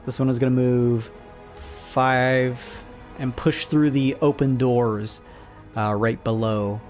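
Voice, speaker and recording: Running a tabletop game from behind the screen, a man lays out scenes and rules in a relaxed, rambling way, slowly and with plenty of little fillers. His voice is at an ordinary middle pitch, and soft music plays quietly beneath it.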